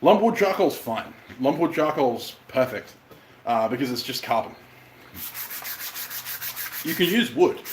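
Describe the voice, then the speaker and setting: A man with a light Australian accent chats loosely with his livestream viewers, rambling from one point to the next and swearing now and then. His voice sits at an ordinary middle pitch. Faint noise from his workshop hums behind him. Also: lively intonation, measured pace, pauses often, roomy sound. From Western Australia. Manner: chatty, rambling, mild swearing. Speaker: bladesmith livestreamer. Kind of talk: casual livestream chat, answering viewers.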